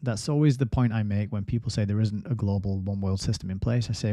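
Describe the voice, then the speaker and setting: Man, livestream host, low voice, mellow tone, dry close sound, rambling chat. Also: fairly even intonation, fast, few pauses, dry recording. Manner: rambling, reads viewer comments aloud. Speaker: host of a book review livestream. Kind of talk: casual live-stream chat.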